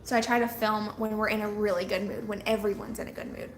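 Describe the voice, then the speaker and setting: A woman's voice: mid-range voice, level tone, fast. A young woman, chatting casually with viewers on a live stream and laughing often as she tells stories. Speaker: vlogger on a live hangout. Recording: echoey room with faint noise.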